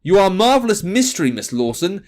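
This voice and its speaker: A man voicing a cold, scheming female scientist in a game, speaking slowly and calmly. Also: high voice. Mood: cold menace.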